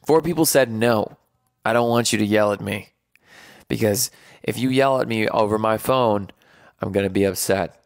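A man's voice: fairly low pitch, moderate pace, vocal fry, long pauses, no room sound, studio quality. A man hosting a live stream, joking with viewers, then hyping them up like a playful drill sergeant and counting out numbers. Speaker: livestream host.

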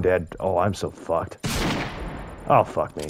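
A man's voice: low voice, slow, noisy background. A young man giving casual, profane gameplay commentary, joking and talking to the creatures on screen. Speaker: gaming YouTuber.

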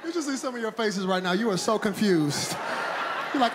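A man preaching a sermon in a church, animated and shouting in a sing-song cadence with comic asides. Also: high-pitched, normal speed, noisy background. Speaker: pastor. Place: church sanctuary.

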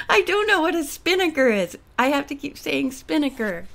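High, lively woman reading aloud slowly. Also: vocal fry. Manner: stumbles over words, giggles and mocks her own mistakes. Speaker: audiobook reader. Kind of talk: outtakes of a mystery novel reading.

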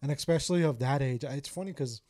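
A man's voice: medium pitch, fast, darkish tone, a little hiss or hum. A man hosting a podcast, chatting in a loose, slangy way. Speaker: podcast host. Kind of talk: casual podcast chat.

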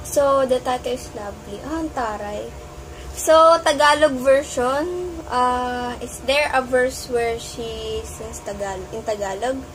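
A woman's voice: a little high, a little slow, a little hiss or hum, poor audio. A woman gushing in a music reaction vlog, mixing English with Tagalog exclamations. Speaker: reaction video host.

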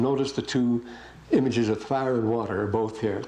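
An older man with a medium-pitched, creaky, warm voice speaks briskly while giving a classroom lecture. He reads verses aloud and breaks off for rambling comments to his students. The recording quality is low.

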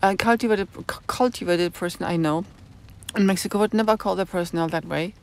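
A woman's voice: fairly low pitch, a little fast, darkish tone. A woman hosting a live stream, musing in a rambling way and stopping often to search for words. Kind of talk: casual live-stream monologue answering chat.

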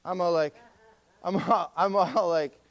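A man's voice: sits high, steady tone, a little slow. A male pastor preaching a sermon in an emphatic style and calling on the congregation to respond.

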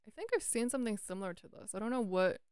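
Smooth-voiced chatty woman commentating chess. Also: on the high side, lively intonation, rapid-fire, a little mellow, no room sound, clean studio sound. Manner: chatty, self-talking, swears playfully; breaks into sung lines. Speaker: chess streamer.

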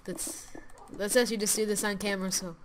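A woman casually commenting as she builds in a video game, mostly muttering to herself, repeating words, and growing loud and cheery when she signs off. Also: medium pitch, fairly even intonation, fairly quick, slight background noise. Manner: mutters quietly while building, then loud and upbeat when signing off; repeats words and restarts phrases. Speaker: gaming channel host.

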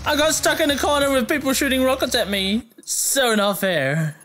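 With game music underneath and slight background noise, a gamer talks fast in a high-pitched, fairly bright voice. Joking and swearing freely, this player trades words with the enemies and the game throughout the let's play.

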